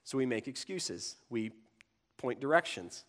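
A man preaching a sermon in a conversational way, breaking into quick impressions of children and adults. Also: medium pitch, expressive. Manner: conversational, acts out quoted voices of kids and adults.

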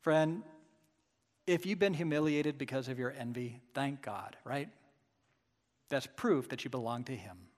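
A man's voice: medium pitch, measured pace, pauses often. Preaching man in a reverberant hall. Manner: emphatic preaching, rhetorical "right?" asides. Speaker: pastor. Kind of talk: sermon.

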